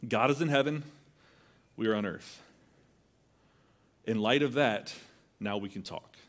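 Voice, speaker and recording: A man's voice: fairly low pitch, a little slow, fairly bright tone. A man preaching a sermon in a conversational way, acting out quoted voices as he tells the story. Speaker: pastor.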